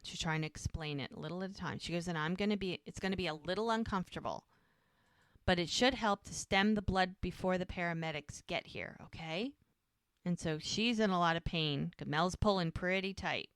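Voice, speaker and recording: This podcast co-host speaks fairly quickly in a smooth, somewhat low voice with a fairly bright tone. She recaps a TV episode in a casual way, voicing the characters' lines as she goes through scenes. The sound is clean and dry, like a studio.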